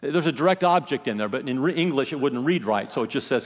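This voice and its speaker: A man preaching a sermon as a pastor, with impassioned delivery that swings between loud emphasis and hushed, quiet phrases. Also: medium pitch, expressive, brisk, in a large hall. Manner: impassioned preaching, rising and dropping to near-whispers.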